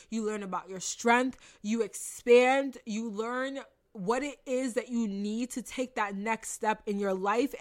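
A young woman hosting a podcast, giving an emphatic motivational talk with lots of repetition, casual swearing and laughs. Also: medium pitch. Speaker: podcast host and manifestation coach.

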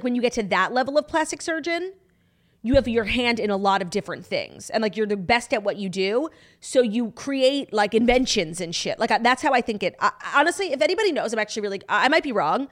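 A woman's voice: fairly high pitch, expressive, quick pace. A woman co-hosting a podcast, talking frankly and animatedly in casual chat, with casual swearing. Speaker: podcast co-host.

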